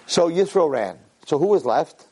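A middle-aged man, a rabbi, giving a lively Torah lecture to a class and acting out the voices in his stories. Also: fairly high pitch, moderate pace, breathy edge. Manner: animated storyteller who acts out voices and cries out quoted lines.

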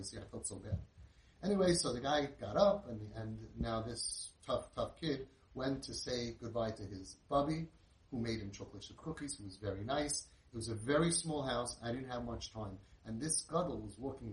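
A middle-aged man, telling an inspirational story in an animated way and sprinkling in Yiddish and Hebrew words. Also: medium pitch. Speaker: inspirational speaker. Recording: roomy, distant mic with faint noise.

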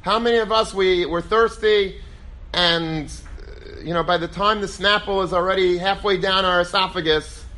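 Male rabbi, lively Torah class, high voice, mimics quoted speakers. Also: normal speed. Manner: animated, acts out quoted voices; lively storytelling, peppered with Hebrew and Yiddish terms.

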